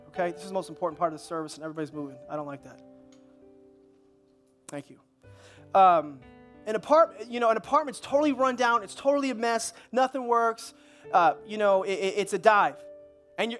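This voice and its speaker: High-voiced male pastor, chatty sermon delivery, stumbles and restarts. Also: a bit bright. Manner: conversational preaching with repeated words and restarts. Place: church service.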